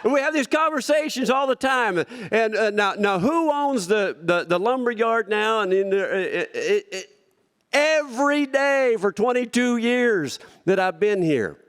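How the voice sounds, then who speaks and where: A man's voice: high voice, expressive, measured pace, fairly bright tone, clear, resonant tone. A man giving a heartfelt, rambling acceptance speech at a rodeo hall of fame banquet, telling stories and acting out quotes.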